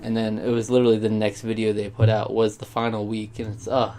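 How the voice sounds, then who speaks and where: A man's voice: on the low side, completely flat delivery, fast talker, dark tone, a little hiss or hum. Rambling young man vlogging. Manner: rambling, sidetracked, heartfelt. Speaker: YouTuber. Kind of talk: casual vlog monologue.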